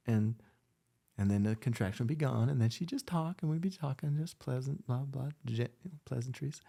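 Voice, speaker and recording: Gravelly, heartfelt man telling stories. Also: medium pitch, fairly quick, dark tone. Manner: heartfelt, repeats himself for emphasis. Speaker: physician and podcast host. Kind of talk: casual conversation, storytelling.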